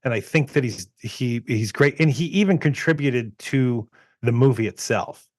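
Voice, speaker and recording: Male podcast co-host, mid pitch, chatty storyteller, laughs often, dry close mic. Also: normal speed, no room sound. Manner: rambling, laughing often, retelling anecdotes. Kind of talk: casual chat.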